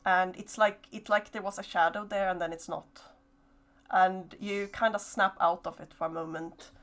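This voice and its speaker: A woman narrating a horror tabletop game as game master, slow and hesitant with many fillers. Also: medium pitch, fairly even intonation, a bit bright.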